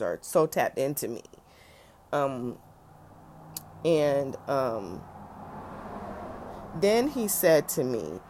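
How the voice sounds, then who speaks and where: A middle-aged woman telling a personal story in a lively way, acting out the voices of the people in it. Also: deep voice, a little hiss or hum. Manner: animated, acts out other people's voices.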